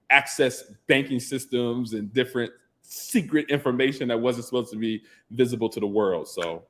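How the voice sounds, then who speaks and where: Man chatting on a live stream. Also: mid-range voice. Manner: conversational, reads chat aloud, repeats "absolutely". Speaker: livestream host.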